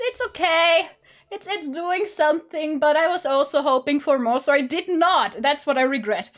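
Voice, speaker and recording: Chatty high-voiced woman unboxing a haul. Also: a bit bright. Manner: chatty and rambling, with restarts and frequent laughs. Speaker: streamer and vlogger. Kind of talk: casual unboxing haul chat. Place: home room.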